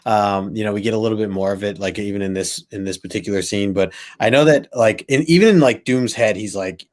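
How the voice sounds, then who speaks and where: A man's voice: fairly low pitch, a little fast. A male co-host in a casual comic book chat, rambling with many fillers. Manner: rambling, many likes and ums, laughs easily.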